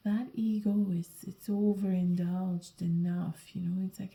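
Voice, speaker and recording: Sleepy woman in a gravelly whispered tarot reading. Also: fairly low pitch, flat delivery, poor audio. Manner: soft, halting, breathy whispering with restarts. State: sleepy, yawning late at night. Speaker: tarot reader.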